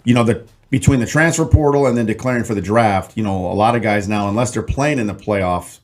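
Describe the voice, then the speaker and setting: A man's voice: on the low side, brisk, a little hiss or hum. A man co-hosting a podcast, talking casually about betting and sports. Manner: conversational, chatty sports talk. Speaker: podcast co-host. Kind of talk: casual chat.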